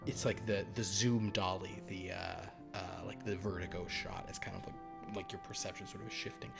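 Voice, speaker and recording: A man narrating a horror tabletop game as game master, halting with fillers and dropping to hushed asides. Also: low voice, steady tone, vocal fry. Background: background music.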